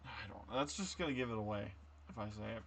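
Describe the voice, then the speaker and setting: A man's voice: on the low side, lively intonation, quick pace, vocal fry, a little hiss or hum. A man hosting a loose, rambling improv chat with friends, laughing often. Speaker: host.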